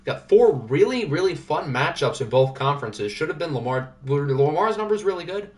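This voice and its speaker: Male streamer, slightly high voice, loose joking commentary on league results. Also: sing-song, normal speed. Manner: chatty, joking, thinks aloud. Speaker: livestream host. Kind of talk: casual sports sim commentary.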